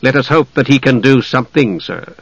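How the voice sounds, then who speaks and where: A man's voice: medium pitch, lively intonation, a little fast, vocal fry, husky, dry recording, dull audio. A man reading an audiobook, voicing a cold, sardonic knight with a clipped delivery.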